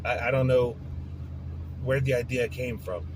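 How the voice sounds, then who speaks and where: A man's voice: medium pitch, fairly even intonation, unhurried, background noise. Frustrated man venting profanely in a car. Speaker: podcast host. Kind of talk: casual ranting monologue.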